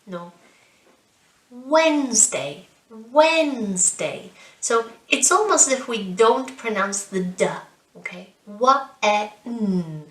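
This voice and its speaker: A young woman teaching a beginner English class, saying words slowly and clearly, repeating them and praising the learners as she goes. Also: a little high, lively intonation, distant mic. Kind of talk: slow beginner language lesson with repetition. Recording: echoey room, voice somewhat off-mic.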